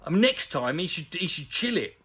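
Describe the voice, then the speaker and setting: A man delivers a profane, sarcastic comedy rant. His voice sits high and swings widely up and down. He keeps an animated, mocking edge throughout. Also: brisk, husky. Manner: sweary, sarcastic, animated ranting. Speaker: comedy commentator. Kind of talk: ranting comedic commentary on a news story.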